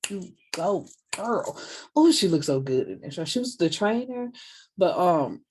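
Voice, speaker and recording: A young woman giving a casual spoken review of a TV show, blunt and animated, swearing freely and talking straight to her viewers. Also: lowish voice, normal speed, background noise. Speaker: book and TV reviewer.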